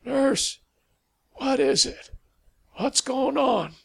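A man's voice: very high-pitched, animated, extremely slow, gravelly, husky, pitched above the performer's own voice, full character voice. A man voicing a frail, bedridden old man who speaks in a thin, quavering voice. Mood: anxious. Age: over 60.

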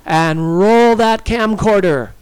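A man voicing a fierce, fed-up young woman besieged by vampires, snarling and yelling. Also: mid-range voice, very animated, a little slow, gravelly, no room sound. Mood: furious. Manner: snarling, yelling when angry.

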